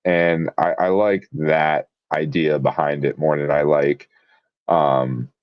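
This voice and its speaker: A man's voice: very deep voice, little pitch movement, slow pace, no echo. A man co-hosting a casual podcast chat, rambling enthusiastically with lots of fillers. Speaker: podcast co-host. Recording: dull lo-fi dry sound.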